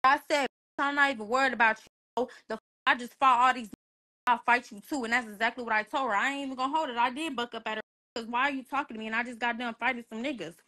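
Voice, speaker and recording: High-voiced woman telling a wild story. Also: fast talker. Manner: animated, profane, acts out quoted dialogue. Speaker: livestream host. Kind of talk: casual storytelling on a livestream. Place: bedroom. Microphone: phone.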